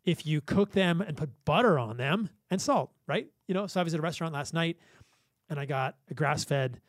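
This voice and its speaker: Upbeat, higher-voiced man telling stories. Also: expressive, moderate pace, no echo. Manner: enthusiastic storyteller with frequent laughs. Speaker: physician guest. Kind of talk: casual podcast conversation.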